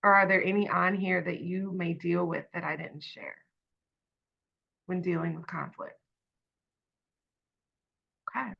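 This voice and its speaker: A woman in her thirties leading a workshop in a conversational tone, often asking "right?" and pausing on fillers. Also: lowish voice, little pitch movement, creaky, highs cut off. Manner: conversational, tag questions, many fillers. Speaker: workshop facilitator. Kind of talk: online workshop talk.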